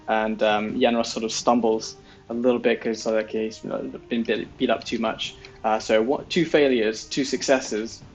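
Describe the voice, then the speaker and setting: A man's voice: medium pitch, vocal fry, muffled recording. A man narrating as game master of a tabletop role-playing game, rambling with many fillers.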